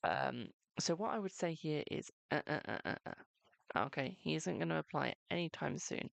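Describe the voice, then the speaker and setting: Close to the microphone with no echo, a live-stream host speaks in an animated, fairly bright mid-range voice with vocal fry, at normal speed. She does tarot readings in a chatty, reassuring way, calling viewers "my darling" and leaning on "okay" between lines.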